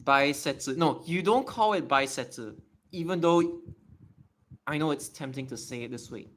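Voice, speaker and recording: A man's voice: fairly high pitch, expressive, normal speed. A young man on a casual livestream, explaining step by step while he writes and thinks aloud.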